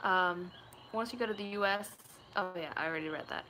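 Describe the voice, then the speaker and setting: A young woman from Puerto Rico talks casually to her viewers on a stream, answering questions offhand and drifting into joke accents. Her voice is bright but a bit sore and tired from hours of talking. Faint noise sits behind her. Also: fairly low pitch, a little fast, rough recording. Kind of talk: casual live-stream chat.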